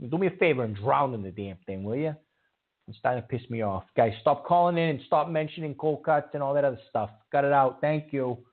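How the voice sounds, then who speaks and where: A man's voice: mid-range voice, fairly quick. A man hosting a call-in radio show, taking callers and scolding the rude ones. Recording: narrow phone-like audio.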